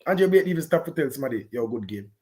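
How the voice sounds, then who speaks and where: A man with a Jamaican accent giving an animated, patois-heavy post-match reaction on a football game. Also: mid-range voice, rapid-fire. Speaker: football fan pundit.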